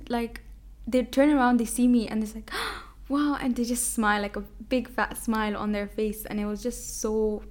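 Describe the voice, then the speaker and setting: A woman's voice: on the high side, a little mellow. A young woman hosting a podcast, telling a personal story in a casual, chatty way, with Arabic religious phrases mixed into her speech. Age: young adult. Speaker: podcast host. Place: home, a cat heard nearby.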